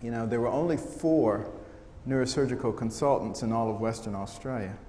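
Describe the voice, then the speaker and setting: A middle-aged American man giving a storytelling talk to an audience, humorous and animated, often acting out the voices of the people he quotes. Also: mid-range voice, fairly quick. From United States. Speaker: speaker giving a testimony talk. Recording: echoey hall sound with faint noise.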